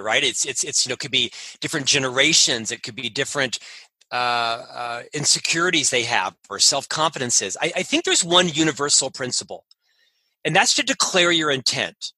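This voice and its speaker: A man's voice: fairly high pitch, pushed and bright, slightly rough, no room sound. A man giving leadership advice in an interview, emphatic and often checking in with "right?". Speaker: leadership guest.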